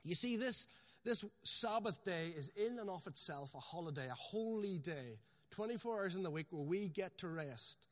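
A man preaching a sermon in a raised, fairly high voice. He presses his points home, dropping to a slow, deliberate pace on the lines that matter. His words ring out with a long reverb, as in a large church hall. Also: expressive, fairly bright tone. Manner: emphatic preaching, slows sharply on key phrases. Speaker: pastor.

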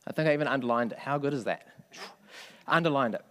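A man's voice: on the high side, fast talker. A man preaching a sermon in a conversational way, often asking the congregation questions. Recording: long hall reverb.

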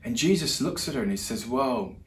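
A man's voice: mid-range voice, lively intonation, fast talker, a bit bright, a little hiss or hum. Male preacher, chatty sermon, lots of restarts, roomy church echo. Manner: conversational storytelling with many restarts. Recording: roomy hall echo with faint ambience.

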